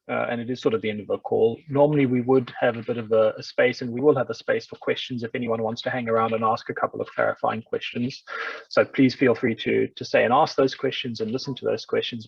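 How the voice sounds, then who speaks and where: A man's voice: mid-range voice, vocal fry, breathy edge. A man hosting an online workshop, wrapping up and thanking participants in a friendly way over a video call. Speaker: workshop host. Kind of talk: online meeting facilitation. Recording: distant, dull, dry video call audio.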